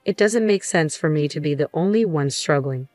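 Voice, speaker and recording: Controlling husband, condescending, sneering , voiced by a woman, low-pitched, dry sound. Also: lively intonation, moderate pace, darkish tone, no room sound, faint music behind. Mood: domineering. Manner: barking, sneering.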